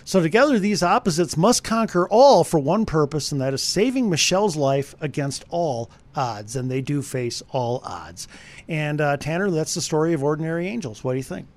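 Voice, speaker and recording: A man giving a conversational radio movie review, animated and speaking straight to the listeners. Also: fairly high pitch, moderate pace.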